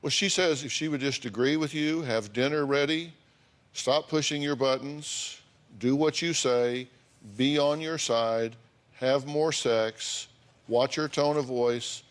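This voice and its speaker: A man's voice: medium pitch, measured pace. A man, a talk show host counseling a couple bluntly and sarcastically in front of a studio audience.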